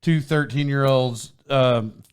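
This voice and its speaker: A man hosting a podcast, telling a story in casual chat, rambling and animated, often laughing and restarting his sentences. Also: mid-range voice, slow pace, smooth. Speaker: podcast host. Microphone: microphone with foam windscreen.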